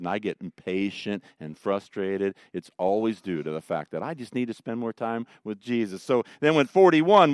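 A middle-aged man preaching a sermon, swinging between loud emphatic lines and quiet tender ones. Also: fairly low pitch, clean tone, no echo, clean studio sound. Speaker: pastor.

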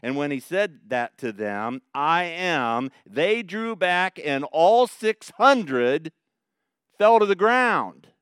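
Male pastor, sermon delivery, smooth clear voice, dry close sound, animated retelling. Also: on the high side, slow, dry recording. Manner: animated, dramatic retelling with rising emphasis. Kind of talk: expository sermon.

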